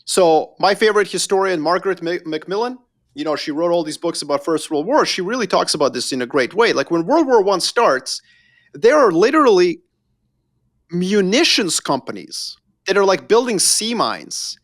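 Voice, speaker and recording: A man's voice: high voice, normal speed. A man from Yugoslavia who is a guest on a podcast, telling stories with emphasis and sometimes speaking straight to the listener. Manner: animated, emphatic storyteller who addresses the listener directly. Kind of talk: casual conversation.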